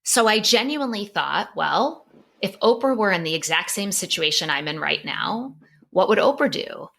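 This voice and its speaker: Bright-voiced woman telling a candid story. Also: mid-range voice, moderate pace, gravelly. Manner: candid, emotional, animated storytelling. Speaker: psychologist and author guest. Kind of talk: personal storytelling in a podcast interview.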